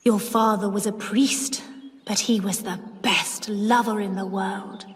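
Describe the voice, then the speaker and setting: A woman voicing an older aunt who is secretive and frightened, speaking slowly and in a faraway, pleading way. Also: medium pitch, steady tone, in a large hall, lightly acted. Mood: dreamy.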